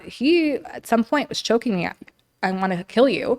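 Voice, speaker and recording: A woman's voice: a little high, lively intonation, brisk. A woman guest on a podcast, telling her story candidly and at length, often saying "like" and acting out what people said. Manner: talkative, heavy use of "like", acts out quoted dialogue.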